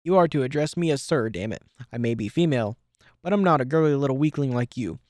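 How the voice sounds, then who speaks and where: A man's voice: mid-range voice, expressive, fast, darkish tone, no room sound, clean studio sound, lightly acted. A man voicing a cruel, bossy female griffin captain who talks cold and commanding.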